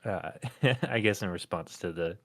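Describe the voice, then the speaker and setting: A man's voice: low voice, normal speed, fairly bright tone. A male podcast co-host in loose, joking conversation. He reads comments out one by one and keeps breaking into small laughs between them. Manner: reads comments aloud, chuckles often. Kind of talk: casual comedic chat.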